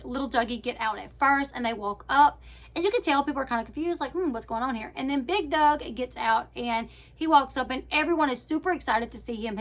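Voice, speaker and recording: A woman YouTuber casually recapping a reality show, talking straight to her viewers with fillers and quick self-corrections. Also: a little high, a bit bright. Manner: chatty, addresses viewers directly. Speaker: YouTube commentator.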